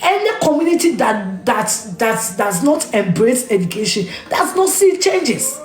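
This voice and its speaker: Her voice is fairly high with big pitch swings and a slightly slow pace, heard in a roomy space over soft background music. This Ghanaian media personality rants on camera in an impassioned, scolding way, repeating points and using Twi and Ga phrases.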